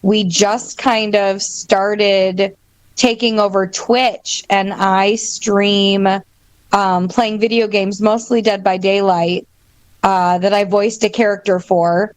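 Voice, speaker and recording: A woman's voice: medium pitch, steady tone, slow, no room sound. A woman with a Wisconsin accent, a band guest chatting casually, laughing often and saying um a lot. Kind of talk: casual chat.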